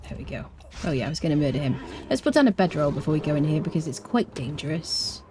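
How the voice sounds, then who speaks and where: A young English woman talks over her game stream in a low-set voice that swoops up and down with lots of life. She jokes with her chat, then slips into soft, muttered asides, with a faint hum of ambience behind her. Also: lively intonation, fast. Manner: playful, joking, drops into quiet asides. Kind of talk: casual live-stream chat while gaming.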